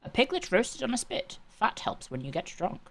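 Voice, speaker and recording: A woman's voice: medium pitch, big pitch swings, moderate pace. A woman streaming a game, chatting casually in a rambling, playful way with asides to chat. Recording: game music under the voice.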